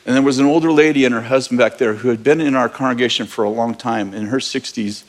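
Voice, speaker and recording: A fast-talking man with a medium-pitched voice preaches as pastor, telling a personal tale in a relaxed, frank, conversational way. Now and then his sermon storytelling breaks into bursts of laughter.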